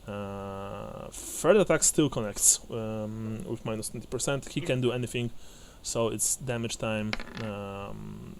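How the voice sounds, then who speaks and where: Narrating a tabletop game as its game master, this man stumbles along with fillers and false starts, often breaking into brief laughter. His voice is on the low side, and there's background noise.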